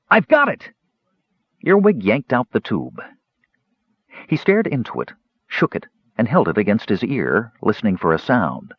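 A man narrating a fantasy audiobook in a dramatic, animated storytelling manner, in a dull lo-fi recording. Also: medium pitch, dry recording.

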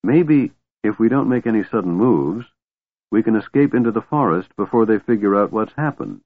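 A man voicing a frightened but fierce young elf woman who speaks in a tense, hushed way. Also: lowish voice, lively intonation, moderate pace, no room sound. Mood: anxious. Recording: tinny, dry, phone-like sound.

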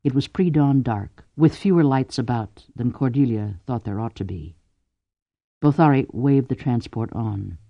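A man narrating an audiobook in a measured, deliberate storytelling manner. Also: mid-range voice, expressive, gravelly, dry recording, muffled recording. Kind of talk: scripted narration.

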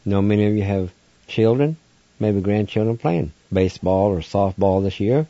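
A man hosts a radio language lesson, spelling each word letter by letter before sounding it out in syllables. His voice is low and mellow, and he moves along at an unhurried pace. The recording is dry and dull, like lo-fi broadcast audio. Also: steady tone, dry recording. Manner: spells words out letter by letter, then sounds them out. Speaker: radio host teaching vocabulary.

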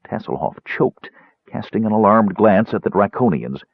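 Man narrating fantasy, tinny and lively. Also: lowish voice, normal speed, husky, no echo. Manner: expressive, dramatic reading. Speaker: audiobook narrator. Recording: tinny narrow-band dry recording.

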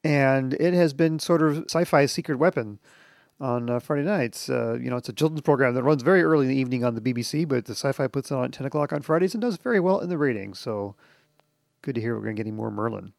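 A man's voice: medium pitch, fast, creaky, a little mellow, dry recording. A man hosting a podcast on his own, chatting casually with dry, self-deprecating jokes. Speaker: podcast host. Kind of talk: casual solo podcast monologue.

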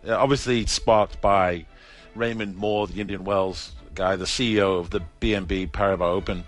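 A man with a fairly low voice, arguing an opinion segment earnestly and forcefully. Faint music sits quietly behind him. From Britain. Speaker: commentator. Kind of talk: opinion monologue.

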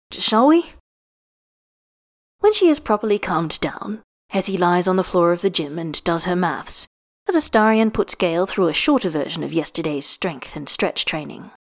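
A woman reading a story aloud in an expressive way, shifting her tone from line to line. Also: fairly low pitch, normal speed, few pauses. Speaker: reader. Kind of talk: storybook narration.

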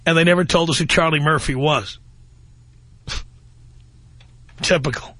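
A man's voice: on the high side, moderate pace, pauses often, a bit bright, no room sound. A man hosting a call-in talk radio show, ranting bluntly and mocking callers. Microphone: studio microphone.

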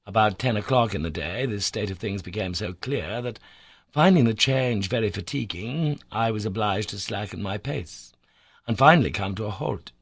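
A man reading a classic adventure novel aloud as an audiobook narrator, measured and storytelling, lifting his voice for emphasis. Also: breathy edge, dry recording, studio quality. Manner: measured storytelling, lifts pitch and volume for emphasis.

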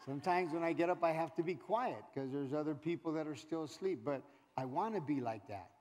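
High-voiced male pastor preaching in a hall. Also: fairly quick, darkish tone, slight background noise. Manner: preaching with call-outs to the congregation; acts out churchgoers in quoted asides. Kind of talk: sermon. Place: church sanctuary. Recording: reverberant church hall with congregation. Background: congregation.

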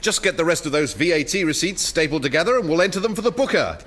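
A man's voice: fairly high pitch, lively intonation, fairly bright tone. A man playing a gushing literary agent. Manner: gushing, fast sales patter, mock-confiding. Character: gushing male literary agent, smooth talker.

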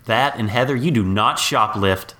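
A man's voice: mid-range voice, moderate pace, bright, forceful tone. A man recapping a TV episode in casual comedic chat, laughing often and mocking the characters. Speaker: podcast co-host.

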